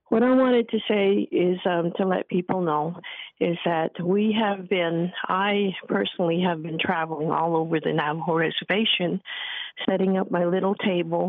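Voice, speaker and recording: A woman calling in to a radio show as a petition organizer, speaking in a steady, plain way with many fillers. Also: on the low side, dry recording. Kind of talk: call-in radio comment. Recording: tinny phone line, dry.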